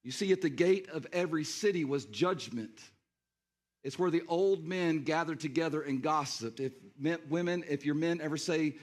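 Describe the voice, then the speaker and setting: A man's voice: on the high side, normal speed. A male pastor preaching a sermon, addressing the congregation directly and acting out scenes.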